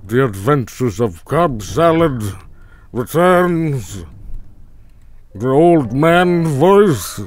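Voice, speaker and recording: A man putting on a grumpy old-man voice, drawling slowly and grunting dismissively. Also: medium pitch, big pitch swings, pitched above the performer's own voice. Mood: grumbling.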